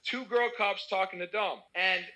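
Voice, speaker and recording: A young American man telling a wild party story in casual chat, animated and swearing. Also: high-pitched, normal speed, low-quality recording. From United States.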